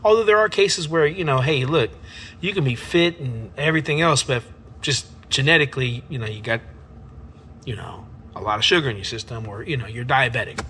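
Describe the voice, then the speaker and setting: Speaking briskly in a mid-range voice, this vlogger addresses the camera in an earnest, emphatic, reflective way, using casual slang. There's a little hiss or hum, and music plays loudly behind his voice.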